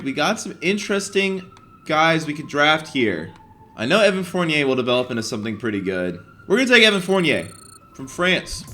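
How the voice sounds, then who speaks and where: Young guy narrating his basketball game run, bright kinda high voice, gets hyped then grumbles, little music in back. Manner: excitable, swings between hype and frustration. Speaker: gaming YouTuber. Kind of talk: video game commentary.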